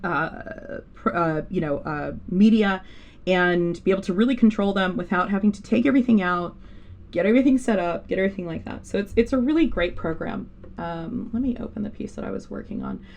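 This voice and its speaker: This art instructor runs a live digital painting tutorial, talking fairly quickly in a mid-range, somewhat mellow voice. She rambles, interrupts herself, and leans on fillers constantly, and a faint hiss or hum sits under the recording.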